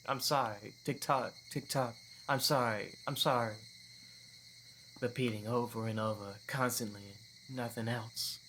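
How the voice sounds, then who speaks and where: A man's voice: medium pitch, steady tone, a little slow, a bit bright, a little hiss or hum, natural voice. A man reading a visual novel aloud, voicing a tormented teenage girl sinking into paranoid delusion, repeating herself in an obsessive, pleading way. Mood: hollow.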